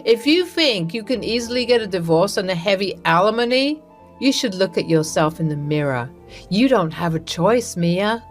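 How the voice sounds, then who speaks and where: A woman's voice: medium pitch, lively intonation, normal speed, faint music behind, natural voice. A woman voicing a cold, arrogant wealthy husband who mocks his wife in a dismissive way. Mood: jeering. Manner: mocking, dismissive.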